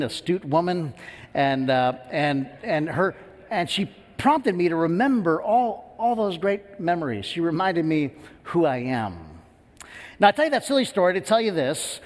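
Animated pastor preaching in a reverberant hall. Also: male voice, on the high side. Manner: animated storytelling with lively quoted voices. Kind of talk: sermon. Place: church sanctuary.

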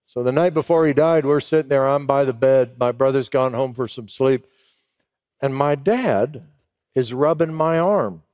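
A man's voice: mid-range voice, a little mellow, no room sound, clean studio sound. A middle-aged man preaching to pastors, telling an emotional story and acting out both sides of remembered talk. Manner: emotional storytelling, slows down for weight. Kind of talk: sermon.

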